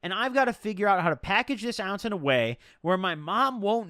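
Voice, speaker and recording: A man's voice: high-pitched, sing-song, normal speed, few pauses, fairly bright tone, no echo, clean studio sound. A young man telling a rambling, profane storytime tale in slangy, casual talk.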